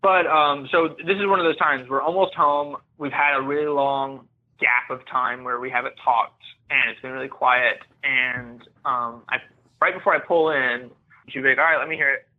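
A man's voice: mid-range voice, fairly even intonation, normal speed. Man, podcast guest, earnest personal storytelling, reflective and candid, tinny phone-like sound.

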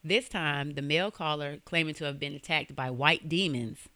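A woman's voice: sits low, moderate pace, bright, forceful tone, dry recording. A young woman hosting a podcast, telling a true-crime story in a casual, slangy way and swearing freely. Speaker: podcast host.

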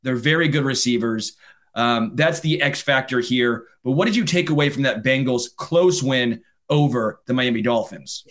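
A man co-hosting a sports podcast, talking in an excitable, emphatic, lively way. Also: mid-range voice, moderate pace. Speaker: podcast co-host. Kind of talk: casual sports podcast chat.

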